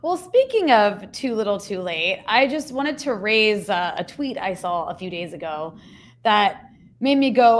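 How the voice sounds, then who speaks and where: A woman's voice: medium pitch, lively intonation, unhurried. A woman hosting a live online interview, talking in a candid, conversational way and sharply critical. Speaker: show host.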